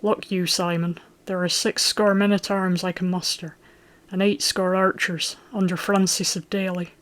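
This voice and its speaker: A blustering medieval lord, loud and gruff, who barks out his orders in old-fashioned speech, as an audiobook reader puts him on. He is a middle-aged man with a hot temper and a hearty, commanding sound. His voice sits a little higher and much louder than the storytelling. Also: level tone, normal speed, lightly acted. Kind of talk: audiobook character voice.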